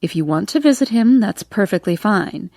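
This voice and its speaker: A stern, controlling middle-aged grandmother who speaks in a measured, firm way, read by a woman narrator. Her mid-pitched voice sounds dry and close, with no room around it. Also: animated, gravelly, mellow, no room sound.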